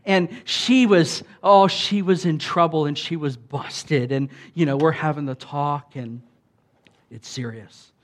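Animated preacher, higher-pitched man. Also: unhurried. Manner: animated, emphatic, conversational with asides. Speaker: pastor. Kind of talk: sermon.

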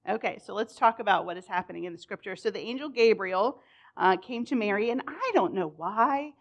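A young woman teaching a casual Bible lesson, chatty and animated, with many fillers. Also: mid-range voice, a little fast. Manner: chatty, frequent "like", animated storytelling.

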